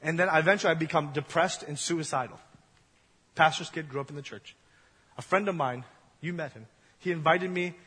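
A young man preaches in a church hall, keeping it casual and acting out little scenes as he goes. His voice sits high and sounds bright and a little husky. Long reverb rings off the walls of the hall. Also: brisk, pauses often. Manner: casual, joking storytelling, acts out voices. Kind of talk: sermon.

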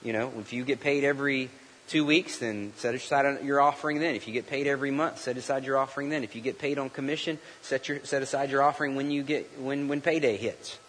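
A man's voice: medium pitch, fairly even intonation, fast, a bit bright. A man preaching a sermon, telling a story in a folksy way and often restarting his sentences. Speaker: pastor. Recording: long hall reverb.

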